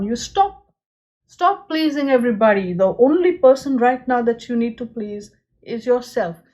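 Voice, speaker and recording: A woman's voice: a little high, darkish tone. A woman giving a pick-a-card tarot reading, speaking earnestly and straight to her viewers, with many "you know"s.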